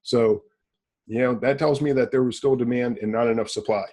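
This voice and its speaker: Blunt guy hosting a business podcast, husky voice, brags a bit, asks himself questions and answers them. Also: mid-range voice, steady tone, a little fast, a little mellow. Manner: blunt, boastful, rhetorical questions. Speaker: podcast host. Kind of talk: casual business podcast talk.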